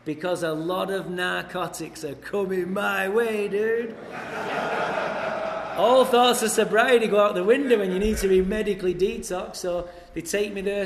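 Englishman, blunt wry storyteller at a recovery meeting, slightly high voice, echoey hall with long reverb. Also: a little hiss or hum. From England. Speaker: recovery speaker. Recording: echoey hall, faint ambience.

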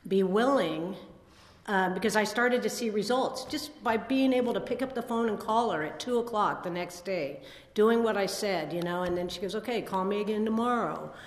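This is a recovery meeting share from a woman in her sixties, her medium-pitched voice at a normal pace. She wanders through a self-deprecating testimony, restarting and using fillers often, in a hall with a long, echoey reverb.

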